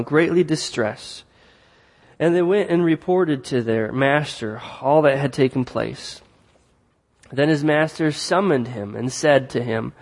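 A man's voice: mid-range voice, darkish tone. A man preaching a sermon in a large hall, conversational, joking and correcting himself as he reads and explains scripture. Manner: conversational, jokes and self-corrects. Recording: long hall reverb.

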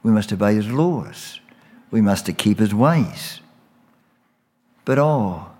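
A man preaching a sermon as a pastor, slow and emphatic, repeating phrases for weight. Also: on the low side, animated, darkish tone, breathy edge, in a large hall.

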